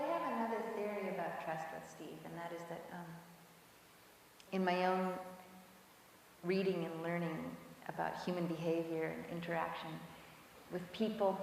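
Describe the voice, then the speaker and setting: A woman's voice: fairly low pitch, gravelly, slight background noise. Reflective woman in a documentary interview. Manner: reflective and measured. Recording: roomy echo with long reverb.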